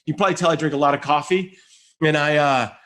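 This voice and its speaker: A man giving a conference keynote, telling an animated story and acting out the voices of the people in it. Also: quick pace. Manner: animated, high-energy storytelling with acted-out quotes. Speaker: conference speaker.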